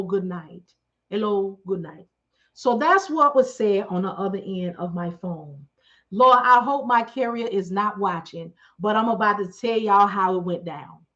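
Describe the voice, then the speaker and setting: A middle-aged woman telling a story casually on her livestream, chatty and animated, calling out questions to her viewers. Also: medium pitch. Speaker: livestream host. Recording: dull lo-fi stream audio.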